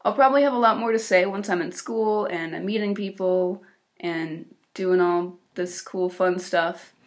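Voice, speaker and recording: A teenage girl's voice on the low side, at a moderate pace, carries an American accent from Illinois. She's vlogging her exchange year, cheerful and casual, talking freely with fillers and small laughs.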